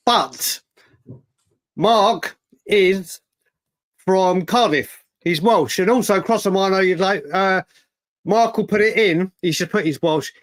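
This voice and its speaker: A man's voice: high-pitched, no echo. A man co-hosting a fan livestream, chatting casually and repeating himself as he recalls details. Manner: rambling, repeats words while recalling details. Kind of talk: casual chat.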